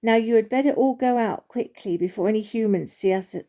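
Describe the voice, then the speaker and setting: A woman's voice: on the high side, a little fast, close to an everyday voice. A woman voicing a wise, kind old male oak tree who speaks kindly but firmly. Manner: kind but firm, gently scolding.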